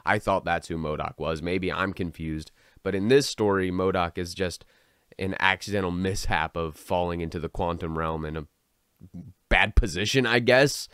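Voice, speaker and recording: Man, low voice, sarcastic online commentator, dry close recording. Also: moderate pace, fairly bright tone, smooth, dry recording. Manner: sarcastic, mocking. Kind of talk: commentary vlog.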